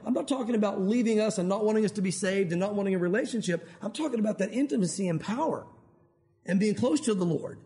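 A man's voice: high-pitched, fast talker, warm tone. A man preaching a sermon in a conversational way, firing rhetorical questions at his listeners. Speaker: pastor.

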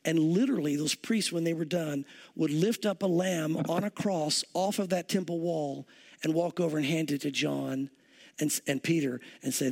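A pastor preaching a verse-by-verse sermon, telling the story in a conversational way and often saying "you know". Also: male voice, high-pitched.

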